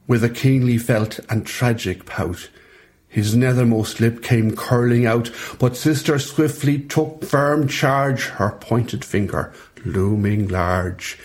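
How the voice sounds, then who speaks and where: A man's voice: medium pitch, unhurried, darkish tone. Irish man reading comic verse. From Ireland. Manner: rhythmic, playful recitation. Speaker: poet and priest.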